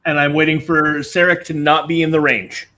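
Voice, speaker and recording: A man's voice: on the high side, flat delivery, normal speed, sharp tone. A man playing a tabletop game, hesitant with many ums, then rattling off rules explanations. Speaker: player.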